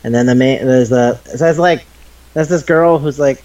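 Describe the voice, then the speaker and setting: A man in his twenties co-hosting a casual chat podcast, excitable and quick to swear. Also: medium pitch, muffled recording. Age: 20s. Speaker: podcast co-host. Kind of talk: casual chat about anime.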